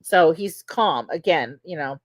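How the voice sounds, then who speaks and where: On her podcast, a woman recounts courtroom testimony in an easygoing, chatty way, full of "you know" and "like." Her low-pitched voice is expressive and her pace measured, with no room sound.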